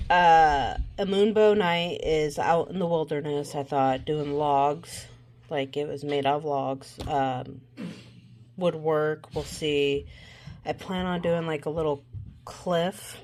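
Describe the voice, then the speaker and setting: Woman, book vlogger, casual chat, slow unhurried delivery, lowish voice, rambling with fillers. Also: a little mellow, slight background noise. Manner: rambling, thinking aloud with fillers.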